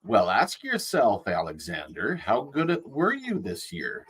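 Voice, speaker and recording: A man in character as jolly old Santa Claus, rambling warmly from the workshop in a low, husky voice. His pitch swings up and down as he chats, full of folksy asides. The talk is loose and casual, like a chat with children. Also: huge pitch swings, measured pace, exaggerated voice. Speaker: Santa performer greeting children.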